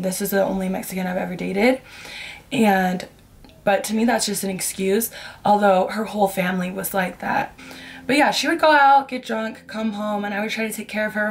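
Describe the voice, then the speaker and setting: Candid young woman telling a rambling story. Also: medium pitch. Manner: candid, rambling, heavy use of "like". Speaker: vlogger. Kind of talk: casual storytime.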